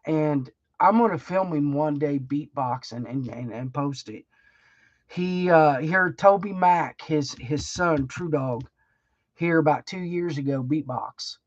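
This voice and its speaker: Slow-talking middle-aged woman. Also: sits low, no room sound, lo-fi sound. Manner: rambling, emotional, laughs often, folksy phrasing. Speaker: livestream host. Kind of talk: casual heartfelt livestream chat.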